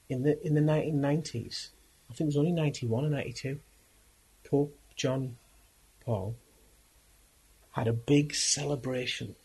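A man preaching through a dramatic story. He speaks earnestly and with emphasis, pausing and restarting as he goes. His voice is husky. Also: mid-range voice, darkish tone, low-quality recording.

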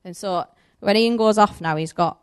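A woman's voice: medium pitch, normal speed, smooth. A woman preaching a sermon in a conversational way, telling a story and acting out the voices in it.

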